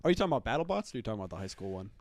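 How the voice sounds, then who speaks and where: A man's voice: fairly low pitch, sing-song, rapid-fire. A man hosting a podcast, chatting casually, joking and swearing often. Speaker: podcast host. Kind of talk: casual chat.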